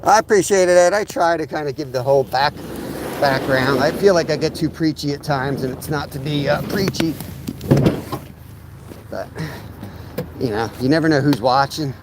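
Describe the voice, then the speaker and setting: A man's voice: on the high side, moderate pace, pauses often, very noisy. A man hosting a live ice fishing stream outdoors by a lake, losing his voice, talking easily as he walks through his gear and plans. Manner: easygoing, explains gear as he sets up. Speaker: fishing channel host. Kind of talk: casual live-stream chat.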